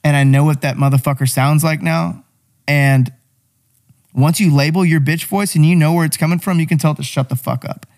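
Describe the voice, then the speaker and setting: A man's voice: fairly high pitch, fairly even intonation, a little fast, darkish tone. A young man in casual podcast chat, blunt, profane and motivational as he tells a story.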